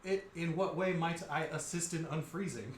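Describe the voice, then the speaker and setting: A man voicing a gentle, posh male unicorn in a tabletop game. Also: fairly high pitch, moderate pace, roomy sound, slight background noise, close to an everyday voice. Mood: courteous.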